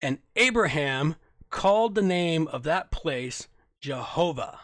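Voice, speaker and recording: A man hosting a Bible reading with casual commentary. He reads at a measured pace, stops to correct himself, and adds wry, sarcastic asides. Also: fairly high pitch, animated, a bit bright, no echo. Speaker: host reading scripture.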